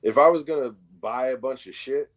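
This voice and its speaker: A man's voice: medium pitch, a little fast. A man in casual chat, telling a story with slang and swearing. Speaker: livestream co-host.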